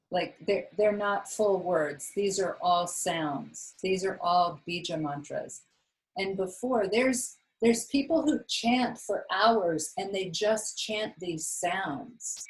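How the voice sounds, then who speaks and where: A woman's voice: fairly low pitch, rough recording. A woman yoga teacher talking her class through a practice in a chatty, rambling way with lots of fillers. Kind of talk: casual yoga class talk.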